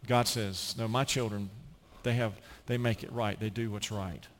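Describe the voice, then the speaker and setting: A middle-aged American pastor with a lowish voice speaks at a normal speed, preaching through lively stories and dramatizing the words of those he quotes.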